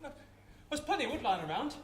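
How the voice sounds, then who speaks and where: A man acting a calm, reassuring wartime father in a live stage play. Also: very high voice, fast, recorded from a distance, slight background noise, heavily acted. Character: reassuring wartime London father, middle-aged, steady. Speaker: stage actor. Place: theatre stage. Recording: echoey theatre stage with faint ambience.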